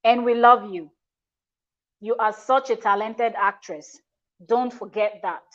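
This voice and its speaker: A woman's voice: fairly high pitch, fairly even intonation, takes it slowly, fairly bright tone, muffled recording. A woman hosting a reaction video, talking in a chatty, emphatic way with frequent restarts. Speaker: reaction channel host. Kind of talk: casual reaction commentary.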